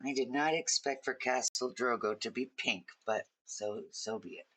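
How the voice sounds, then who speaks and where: A woman's voice: very deep voice, moderate pace, fairly bright tone, husky. A woman hosting a casual livestream from home, chatting in a rambling, friendly way to viewers while she colors. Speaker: livestream host.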